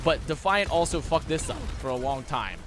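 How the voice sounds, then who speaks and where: A young man giving a casual esports match breakdown, talking fast and excitably, with frequent swearing and restarts. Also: on the high side, music in the background. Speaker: esports analyst.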